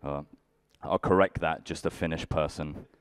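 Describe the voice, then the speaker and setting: A young British man doing a stand-up comedy set on a conference stage, with a dry, self-deprecating, deadpan delivery. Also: very deep voice, normal speed, clean tone, dry recording. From United Kingdom. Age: young adult. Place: conference stage before a live audience.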